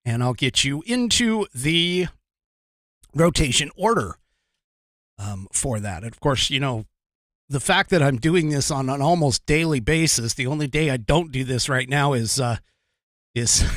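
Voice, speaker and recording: A man's voice: medium pitch, a bit bright, no room sound, studio quality. A man hosting a livestream podcast, talking casually and rambling, with lots of fillers and frequent chuckles. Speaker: podcast host.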